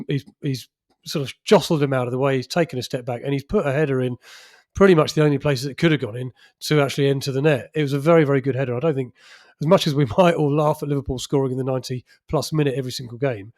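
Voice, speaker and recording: Male co-host, fast and emphatic, teasing, dry close sound. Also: fairly high pitch, darkish tone, no room sound. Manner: emphatic, teasing, repeats words for stress. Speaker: podcast co-host. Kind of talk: casual sports podcast chat.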